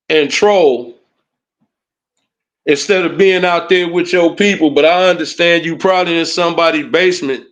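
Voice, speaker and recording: A man's voice: on the high side, fairly bright tone. Heated man ranting on a livestream. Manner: heated, taunting, repeats "you know what I'm saying" and "huh". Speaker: livestream commentator. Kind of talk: casual livestream rant.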